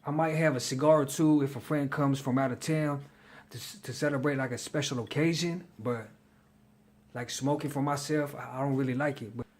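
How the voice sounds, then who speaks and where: Slangy, chatty man reviewing fragrances. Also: medium pitch. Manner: slangy, chatty, hypes his picks. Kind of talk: casual vlog review.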